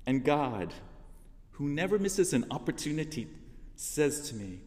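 A man speaks to his congregation in a heartfelt, earnest sermon, now and then swelling into loud emphasis. His voice sits fairly high for a man. The long reverb of the church hall trails after every phrase. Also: sing-song, a little slow. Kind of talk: sermon, personal testimony. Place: church sanctuary.

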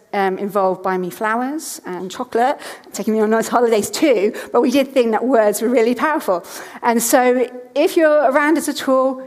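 A woman's voice: fairly high pitch, a little mellow, big-room sound. A woman in her thirties preaching a sermon from a church stage, telling family stories chattily and repeating key lines with earnest emphasis.

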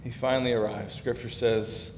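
A pastor gives a sermon at a normal speed with fairly even intonation, talking conversationally and building in emphasis. The recording is an echoey hall with a faint rumble in the background.

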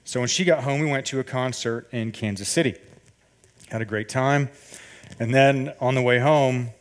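A man telling a personal story in a sermon, animated and acting out the dialogue. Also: mid-range voice, normal speed.

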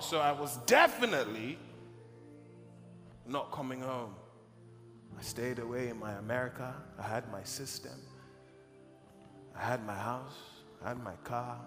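A man from Nigeria tells an emotional testimony from the pulpit with a gravelly edge to his voice. His words ring through a large church hall. Music plays clearly behind him. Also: mid-range voice, a little slow, long pauses. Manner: emotional, animated storyteller. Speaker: preacher giving a testimony. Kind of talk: sermon storytelling.

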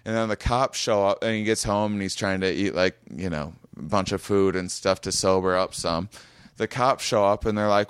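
A man's voice: sits low, normal speed, clean tone, dry recording. Male comedian telling a rambling anecdote: clean, resonant voice, dead-dry room, lots of restarts. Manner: rambling, stammering restarts, acts out quoted voices. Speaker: comedian guest. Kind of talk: casual storytelling chat. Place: small home room.

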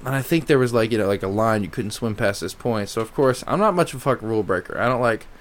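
A man's voice: lowish voice, fast. A man chatting casually, swearing often and acting out how angry he got. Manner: animated, swears often, acts out his own angry past lines. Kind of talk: casual chat.

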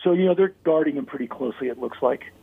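A man with a somewhat high, gravelly voice and a husky edge tells a story in a casual interview. He talks animatedly, with plenty of "like" and "you know". The sound is thin and phone-like. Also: fast. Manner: animated, acts out quoted voices, many "like" and "you know" fillers. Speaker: interview guest. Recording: phone-like narrow-band audio.

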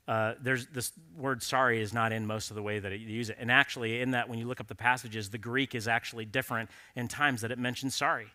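Guy preaching, earnest and direct, tells stories casually, bright tense voice. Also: mid-range voice. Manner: earnest, direct appeals to men; conversational storytelling. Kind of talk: sermon.

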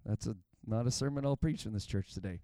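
A pastor with a fairly low, dark-toned voice preaches fast in a church, captured in a dry recording. His sermon builds in intensity as he tells stories and acts out the quotes of the people in them.

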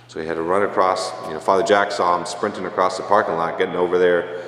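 A young male priest giving a homily, telling a self-deprecating story in a relaxed, casual way. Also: deep voice, fast. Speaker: parish priest. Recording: echoey church with long reverb.

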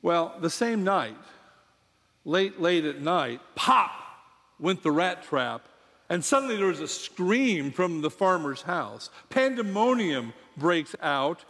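A pastor preaching and telling a story to his congregation, with measured delivery and dramatic pauses. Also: high-pitched, fairly bright tone. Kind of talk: sermon with storytelling. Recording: long hall reverb.

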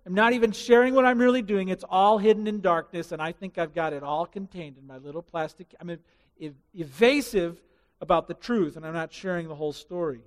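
High-voiced male preacher in a reverberant hall. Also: a little fast. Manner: animated, acts out quotes and scenarios. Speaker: pastor. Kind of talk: sermon.

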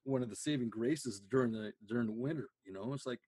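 A man interviewing a guest in a casual chat, eager and quick to agree. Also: medium pitch, a little mellow, slightly rough, no echo. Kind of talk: casual conversation.

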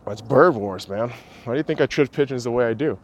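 A man's voice: medium pitch, brisk, lo-fi sound. A man hosting a solo podcast, ranting in a profane and sarcastic way. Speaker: podcast host.

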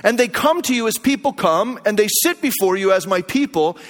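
Pastor, male, very high voice, earnest sermon delivery with hushed emphatic drops, reverberant church hall. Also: animated, fairly quick, few pauses. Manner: earnest, varies pace, drops to a low hush for emphasis. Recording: long reverb of a large hall.

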